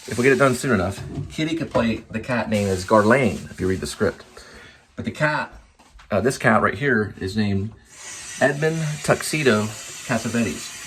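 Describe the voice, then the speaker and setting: A man's voice: mid-range voice, animated, a little slow, long pauses, noisy background. A man rambling casually in a vlog, trailing off and talking to his cat as he goes. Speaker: vlogger.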